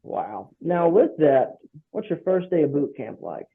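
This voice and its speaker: A man's voice: fairly high pitch, sing-song, a little slow, creaky, slightly rough. A man hosting an interview, reacting briefly and asking prompting questions. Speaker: interview host. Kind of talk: conversational interview. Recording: tinny phone-like line.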